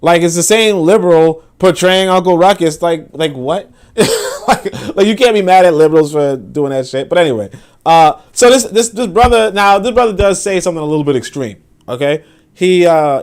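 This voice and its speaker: Rambling, profane male commentator. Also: a little high. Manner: rambling and profane, heavy with filler words. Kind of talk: casual commentary on online clips.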